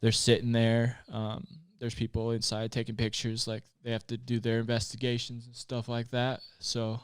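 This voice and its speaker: A man in his late twenties, a podcast guest telling a personal story in a candid, plainspoken way. His voice is smooth and resonant, with a flat, even delivery, recorded dry and close. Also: medium pitch, moderate pace, dry recording. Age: late 20s. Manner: candid and plainspoken, with frequent swearing and fillers. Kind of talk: personal storytelling in casual conversation.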